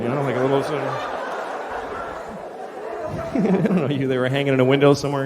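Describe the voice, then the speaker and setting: A man's voice: mid-range voice, a little fast, long pauses, a crowd in the background. A male stand-up comedian on stage, telling a profane, incredulous story to a live audience. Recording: live show with loud laughter and hiss.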